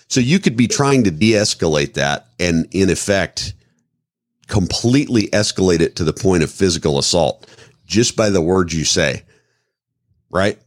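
A man's voice: sits low, lively intonation, moderate pace, no room sound, clean studio sound. A man from the Midwest co-hosting a podcast, explaining self-defense phrasing with acted-out examples. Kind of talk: casual podcast talk.

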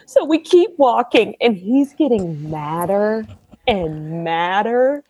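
A woman tells a story with a slightly husky voice that leaps up and down in pitch. She talks in an animated, laughing way and acts out what people said. The recording is dry and close. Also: takes it slowly, no echo. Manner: lively, laughing, acts out quotes.

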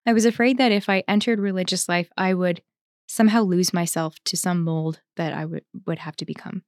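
A woman who is a religious sister, co-hosting a faith podcast in a reflective, conversational way, pausing to think and laughing easily. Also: lowish voice, dry recording, studio quality. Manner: thoughtful, pauses with fillers, laughs easily.

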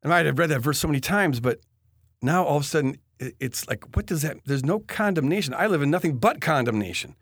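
A man telling a personal faith story in an earnest, halting way, often restarting his sentences. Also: a little high, expressive, a bit bright, no room sound, clean studio sound. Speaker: guest telling his testimony.

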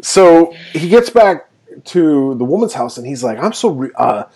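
Animated man retelling film scenes. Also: fairly high pitch, measured pace, slightly rough. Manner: animated retelling, quotes scenes in put-on voices, laughs often. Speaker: podcast co-host. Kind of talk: casual film review chat. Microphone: remote recording.

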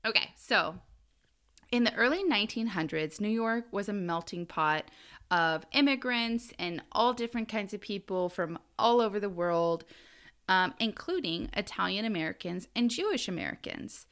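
A woman's voice: medium pitch, expressive, normal speed, fairly bright tone. A woman co-hosting a casual podcast, chatty and self-deprecating, laughing often as she walks through her research. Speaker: podcast co-host presenting the episode research.

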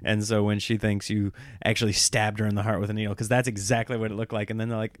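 A man in his thirties telling a rambling comic story about his young kids, now and then mimicking them in a higher voice. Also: fairly even intonation, a little fast, dry recording, clean studio sound.

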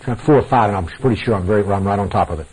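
This preacher speaks very fast in a lowish, husky, slightly mellow voice, delivering an emphatic sermon to a congregation. He repeats phrases for effect and addresses everyone as "guys," all coming through a lo-fi radio broadcast.

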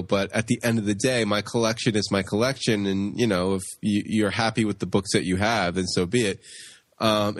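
A man's voice: lowish voice, no echo. A man from Long Island co-hosting a comics podcast, chatting casually and often stumbling over repeated words. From Long Island, New York. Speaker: podcast co-host. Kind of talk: casual chat.

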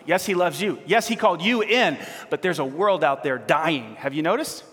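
A male pastor preaching in an animated, conversational way, teasing his congregation. His voice sits fairly high for a man. A long reverb trails his words around the church hall. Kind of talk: sermon.

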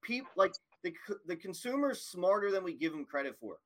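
A male podcast host in a casual conversation who keeps things enthusiastic and affirming. His voice is bright and tense, pitched a little high for a man. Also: sing-song, brisk.

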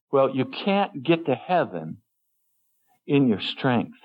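A man preaching a sermon as pastor, earnest and gentle, lifting his voice when quoting others. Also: mid-range voice, lively intonation, normal speed. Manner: gentle, earnest storytelling with sudden lifts for quoted voices. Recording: dull lo-fi sermon recording.

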